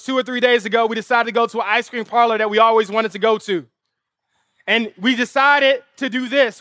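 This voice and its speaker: At an outdoor lawn service, a pastor with a very high, pushed and bright voice preaches with impassioned energy, recorded at studio quality with no echo. He vividly tells a family story and builds to emphatic, repeated rhetorical appeals.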